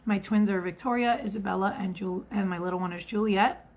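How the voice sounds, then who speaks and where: A woman's voice: mid-range voice, fairly quick, a little mellow. A woman in her thirties or forties telling a story in a casual vlog, chatty and rambling, full of asides. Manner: chatty, rambling asides, acts out quoted voices. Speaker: vlogger and restaurant server.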